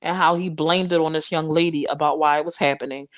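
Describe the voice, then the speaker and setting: A woman's voice: low voice, fairly even intonation, fast talker. A young adult woman hosting a live stream, talking straight to her viewers in impassioned, preachy casual commentary.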